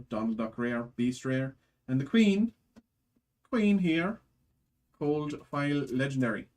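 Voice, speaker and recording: A man hosting a live stream card break, reading off card names in quick lists and chatting with his viewers. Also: mid-range voice, darkish tone. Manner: chatty with chat viewers, thanks buyers. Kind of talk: live stream pack opening.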